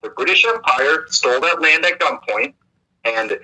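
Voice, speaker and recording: Male co-host, rambling, husky and very bright voice, keeps restarting sentences. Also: mid-range voice, lively intonation, moderate pace, rough recording. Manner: rambling, repeats words, many restarts. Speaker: livestream co-host. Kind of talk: casual crude banter.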